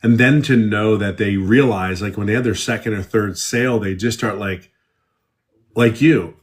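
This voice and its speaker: Brief: middle-aged male guest, lowish voice, loose repetitive storyteller in a live chat. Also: moderate pace. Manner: rambling, repeats himself while telling stories. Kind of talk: casual live interview.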